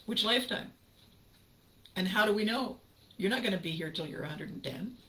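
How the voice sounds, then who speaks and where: A woman hosting her own channel, talking casually to viewers, laughing often and drifting into slow, reflective musing. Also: mid-range voice, lively intonation, sharp tone. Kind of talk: casual livestream chat with viewers.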